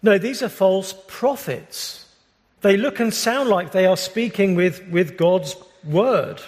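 A British man preaching a sermon as pastor, earnest and measured, often restarting his phrases. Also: sits high. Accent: British English. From Britain. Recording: long reverb of a large hall.

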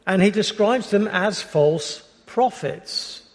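British man, pastor delivering a sermon, fairly high voice, earnest measured pace, long hall reverb. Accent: British English. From Britain. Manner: earnest, measured preaching with frequent restarts.

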